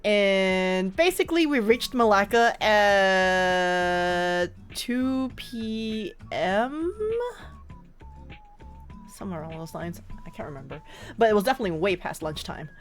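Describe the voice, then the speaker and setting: A woman streamer telling a story in casual chat, animated and laughing often. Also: medium pitch, takes it slowly, faint music behind.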